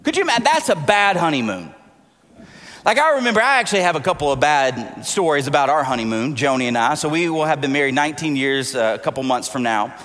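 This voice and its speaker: A man in his forties preaching in a large church, his high, bright voice ringing with long reverb. He tells animated, jokey stories and acts out the dialogue in them. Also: fast talker. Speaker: pastor. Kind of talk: sermon with personal storytelling.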